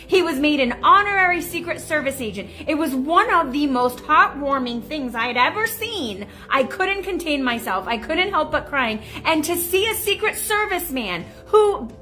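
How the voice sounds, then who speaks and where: A woman's voice: very high voice, bright, forceful tone. A woman in her thirties delivering a heated, indignant political rant to camera, swearing as she goes. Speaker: political commentator.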